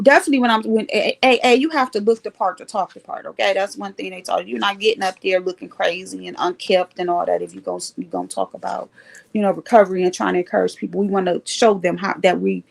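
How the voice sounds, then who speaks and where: A woman hosting a casual live stream, telling a story in an animated, emphatic way. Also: medium pitch, vocal fry. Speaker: livestream host sharing recovery story.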